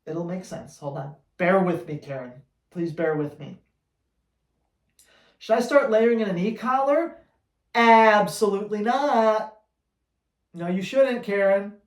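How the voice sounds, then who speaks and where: A man's voice: high-pitched, expressive, a little slow, long pauses, echoey room. A man who trains dogs, answering viewer questions in a blunt, teasing, emphatic way. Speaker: dog trainer.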